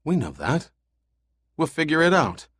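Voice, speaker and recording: A man's voice: fairly high pitch, sing-song, a little slow, a bit bright, husky, no echo, pitched above the performer's own voice, exaggerated voice. A man voicing a determined young man in an audiobook, firm and resolute. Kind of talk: audiobook character voice.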